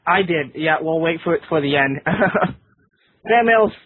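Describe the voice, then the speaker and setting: A man bantering on a podcast panel in quick, joking asides. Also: fairly high pitch, lively intonation, breathy edge, no room sound. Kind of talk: casual panel chat. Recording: dry, tinny phone-like call audio.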